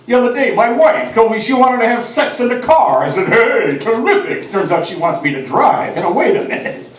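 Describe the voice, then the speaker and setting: A man doing an impression of a put-upon middle-aged comic who complains loudly in rapid one-liners. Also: very high voice, animated, a little hiss or hum, voice pushed up. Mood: griping. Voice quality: loud, strained, complaining. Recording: roomy, distant mic, faint ambience.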